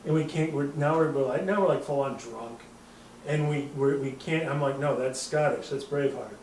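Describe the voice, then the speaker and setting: Heard through a far-off mic in an echoey room with slight background noise, a podcast host in his thirties from the American Midwest tells a long, casual story. His voice is a little high and a little mellow at a moderate pace, and he rambles, swears, laughs a lot, and imitates people he quotes.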